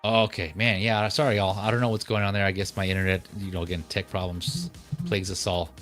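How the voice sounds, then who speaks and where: Low-voiced man hosting a livestream. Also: fast, faint music behind. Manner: relaxed, rambling, many fillers and restarts. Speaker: livestream host. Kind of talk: casual livestream chat.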